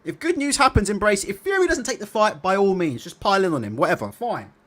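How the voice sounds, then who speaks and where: A man hosting a casual livestream, reading viewer comments aloud and chatting about them in an animated way. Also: high-pitched, quick pace. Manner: animated, repeats tag questions. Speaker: boxing livestream host.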